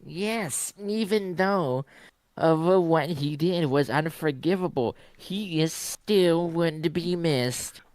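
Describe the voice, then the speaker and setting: A woman with a low voice reads fanfic dialogue at a slow, measured pace. The sound is dry and close. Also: darkish tone, no echo. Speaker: fanfic reader. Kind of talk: comedic reading aloud.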